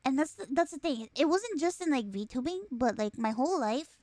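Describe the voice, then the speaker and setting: Young woman host, Spanish accent, high voice, excitable and blunt, dry mic. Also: moderate pace, no room sound. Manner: excitable, swears freely, repeats words. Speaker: talk show host. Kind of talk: casual chat.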